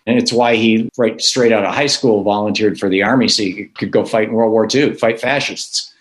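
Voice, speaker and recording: An older man, a guest and author, telling stories in an animated conversational way and acting out the people he quotes. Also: on the low side, moderate pace, rough recording. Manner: animated, acts out quoted voices. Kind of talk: conversational storytelling.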